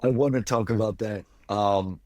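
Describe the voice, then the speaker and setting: Low-voiced man making emphatic points. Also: mellow, no room sound, clean studio sound. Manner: emphatic, slows down to stress points. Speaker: podcast co-host. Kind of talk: casual podcast chat.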